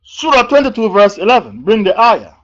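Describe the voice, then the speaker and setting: A man with a fairly high voice teaches an evening religious lesson. He speaks slowly and deliberately, repeating verse numbers and key phrases and putting questions to his listeners. The recording is dull and lo-fi. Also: very animated, a bit bright. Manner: slow and deliberate, asks the audience questions. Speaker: Islamic preacher teaching Quran commentary.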